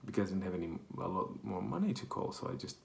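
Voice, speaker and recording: A man's voice: low voice, sing-song, quick pace, gravelly. A man from Portugal with a Portuguese accent, telling a rambling, self-correcting story in casual chat. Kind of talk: casual anecdote. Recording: echoey room.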